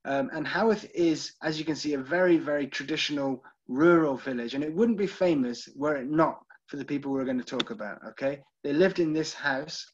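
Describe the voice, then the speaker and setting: A man's voice: fairly high pitch, a little fast, hardly any pauses, slightly rough, lo-fi sound. A man with a British accent leads a live online literary tour, chatting casually with viewers and using plenty of ums. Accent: British English. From United Kingdom. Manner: chatty, checks in with listeners, frequent ums. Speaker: virtual tour guide.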